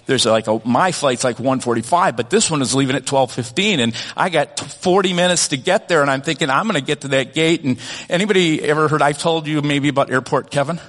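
A man's voice: a little high, brisk, fairly bright tone. A man preaching a sermon, telling a humble story about himself with many restarts and self-corrections. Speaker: pastor. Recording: long reverb of a church hall.

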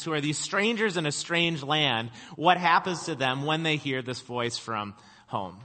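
Man, middle-aged pastor, conversational sermon, humorous storytelling, bright tone, long hall echo. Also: medium pitch.

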